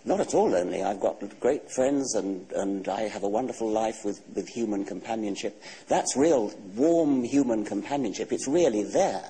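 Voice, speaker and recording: A man in his sixties with an English accent, a guest author answering questions in a TV studio interview in a measured, dry, matter-of-fact way. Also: lowish voice, lively intonation, warm tone, breathy edge, poor audio. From England. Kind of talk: TV talk show interview.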